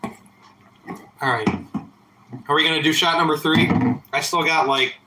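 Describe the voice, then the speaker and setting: A man's voice: on the high side, steady tone, measured pace, roomy sound, noisy background. A man in his thirties streaming late at night, drinking and a bit tipsy, talking in a profane, rambling, defiant way. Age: 30s. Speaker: livestreamer. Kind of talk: casual late-night livestream chat.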